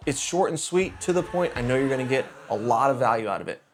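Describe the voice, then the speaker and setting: A man hosting a motivational podcast, telling a personal story in a lively, anecdotal way. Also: medium pitch, fast, a little hiss or hum. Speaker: podcast host.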